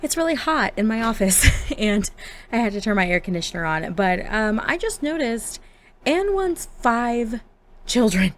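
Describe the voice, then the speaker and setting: A woman's voice: a little high, sing-song, unhurried. A woman doing casual, chatty gameplay commentary from her home office, giggling and talking to her game characters. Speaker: gaming YouTuber.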